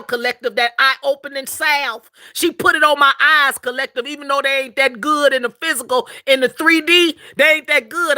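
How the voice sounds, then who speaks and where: A woman's voice: high-pitched, bright, forceful tone. A woman hosting a casual spiritual livestream, talking emphatically, repeating herself, laughing often and calling her listeners "collective".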